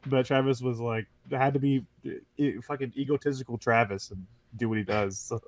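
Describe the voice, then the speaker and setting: A man's voice: mid-range voice, fairly even intonation, a little fast, dry recording. A man hosting a casual gaming podcast, telling stories animatedly and laughing often. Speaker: podcast host. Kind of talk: casual chat.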